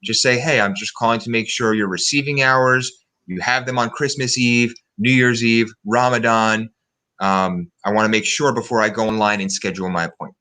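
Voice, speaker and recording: Calm, measured advising man. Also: medium pitch. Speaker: guest, broker instructor. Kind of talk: interview advice.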